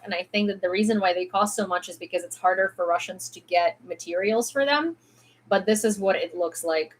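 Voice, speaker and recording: A woman's voice: fairly low pitch, moderate pace, slight background noise. Chatty Ukrainian woman streaming news. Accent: mildly American-sounding English. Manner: chatty and rambling, many fillers. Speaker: news livestreamer. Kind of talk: casual news commentary stream.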